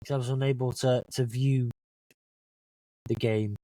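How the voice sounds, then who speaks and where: A man's voice: mid-range voice, little pitch movement, unhurried, dark tone, no room sound. A British man hosting a podcast, teasing his co-host in casual chat and signing off the show. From Britain. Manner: teasing, wraps up with show sign-off.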